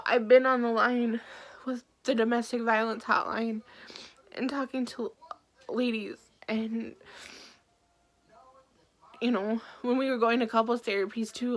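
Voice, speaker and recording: A young woman telling her own story to camera in a soft, halting way, holding back tears. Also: a little high. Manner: soft, halting, emotional, with many pauses and fillers. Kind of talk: personal testimony to camera.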